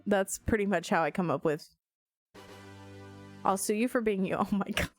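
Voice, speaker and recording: A woman streamer playing through a game, talking casually, animated and self-mocking, often laughing. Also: medium pitch, moderate pace, faint music behind.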